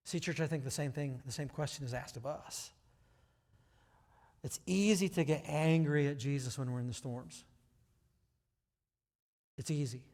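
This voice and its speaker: A male pastor giving a sermon to his church, talking conversationally and rising to loud, emphatic passages. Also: fairly high pitch, measured pace, long pauses. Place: church sanctuary. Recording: hall reverb.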